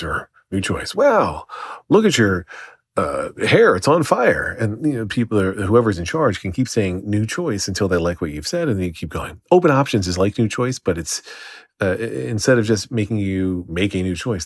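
Deep-voiced man rambling through a podcast story. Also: breathy edge. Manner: rambly, slightly distracted. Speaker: podcast host. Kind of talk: casual solo podcast storytelling.

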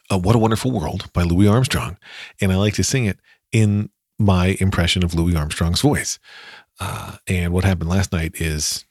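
A man's voice: low-pitched, darkish tone, breathy edge, no room sound, studio quality. A man hosting his own podcast, telling a rambling, self-deprecating story in a casual solo monologue. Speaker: podcast host.

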